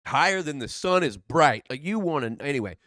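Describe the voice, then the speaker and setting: A man in his thirties telling a casual personal story, animated and profane, swinging between loud bursts and hushed asides. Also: on the high side, brisk, no echo, studio quality.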